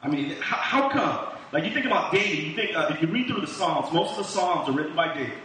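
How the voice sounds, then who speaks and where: A man preaching in a relaxed, animated manner, his voice pitched high and bright. He stands well back from the microphone, and the room rings with heavy echo. A faint hiss sits under the sound. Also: quick pace. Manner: animated, conversational Bible teaching with restarts. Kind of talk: sermon. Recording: echoey room from a distant mic.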